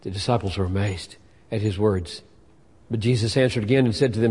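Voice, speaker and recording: A man preaching a sermon, emphatic and expressive, often acting out the voices in the passages he reads. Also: fairly low pitch, a little fast, breathy edge, in a large hall.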